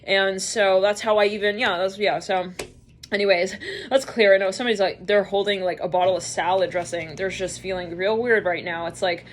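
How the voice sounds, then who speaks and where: A woman giving a rambling, chatty tarot reading, full of fillers and quick acted-out quotes. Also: mid-range voice, steady tone, a little hiss or hum. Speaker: tarot reader. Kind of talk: casual tarot reading monologue.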